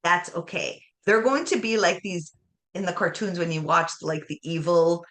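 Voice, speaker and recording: A woman's voice: fairly low pitch, fairly even intonation, normal speed, fairly bright tone. A woman on a podcast giving emphatic, encouraging advice in conversation.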